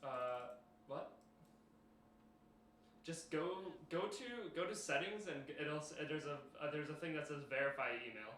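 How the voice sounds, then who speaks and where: Bright young man streaming in a roomy echo. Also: a little high, a little slow, long pauses. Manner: rambling, many fillers and restarts, addressing chat. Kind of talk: casual live stream chat. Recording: roomy echo with faint noise.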